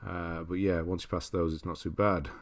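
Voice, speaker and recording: A man's voice: low-pitched, level tone, moderate pace, slight background noise. A man from Britain hosting a casual livestream, reading viewer comments aloud and laughing often. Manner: chatty, laughs often, reads chat aloud. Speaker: livestream host.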